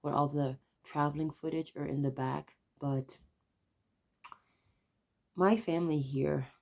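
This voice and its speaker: A young woman in her twenties confides to camera in a low, gravelly voice with a mellow, darkish tone. She is close to tears, and her confession comes out halting and soft. The delivery is a raw vlog confessional. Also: fairly even intonation. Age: 20s. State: on the verge of tears. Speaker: vlogger.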